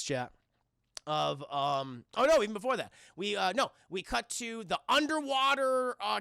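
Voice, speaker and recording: This cartoon reviewer is a young man whose high voice has a creaky texture. Swearing freely and staying animated, he recaps an episode in a loose way while repeatedly calling out to his live chat, all in a dry, clean studio recording.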